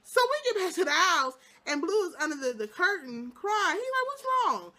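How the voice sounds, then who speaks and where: Animated woman recapping a TV episode. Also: extremely high pitch, normal speed. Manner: lively storytelling, acting out characters' quotes; breaks into laughter and exclamations. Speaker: TV show recap vlogger.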